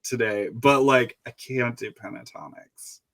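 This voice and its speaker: A man co-hosting a podcast in casual chat, with a dry, deliberate and wry manner. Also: mid-range voice, fairly bright tone. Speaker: podcast co-host.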